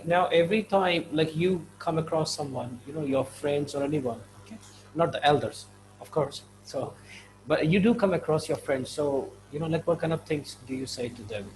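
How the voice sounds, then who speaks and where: A man teaching slang in a casual online lesson, chatty, often checking in with "right?" and slowing down to repeat examples. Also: a little high, noisy background. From India. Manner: chatty, repeats examples slowly, frequent "right?" and "you know". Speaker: English teacher.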